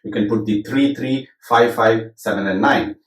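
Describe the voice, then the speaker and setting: A middle-aged man with a mid-range voice teaches percussion at a normal speed, counting beats aloud and reciting drum syllables in rhythm as he demonstrates. He's recorded from a distance in a room with a roomy echo and drum music.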